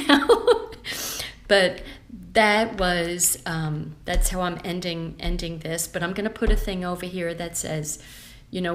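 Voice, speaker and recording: A chatty woman walks through a scrapbook page by page. Her voice sits a little low, and she rambles warmly with plenty of ums and asides. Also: a little hiss or hum. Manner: chatty and rambling, with many fillers. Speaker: scrapbooking consultant. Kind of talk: casual show-and-tell vlog.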